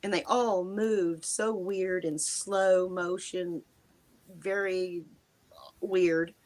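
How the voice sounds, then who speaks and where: A woman in her sixties from the United States, a guest telling a personal encounter in a halting, emotional way, with a dry mouth and frequent restarts. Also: lowish voice, fairly even intonation, darkish tone. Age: 60s. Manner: halting, restarts sentences, speeds up and slows down. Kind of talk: emotional first-person storytelling.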